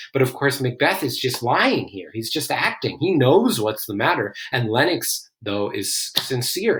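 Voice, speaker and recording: In a medium-pitched voice, a man explaining literature muses over old verse, reading lines and then putting them into plain language. It's a casual, curious read-aloud with commentary.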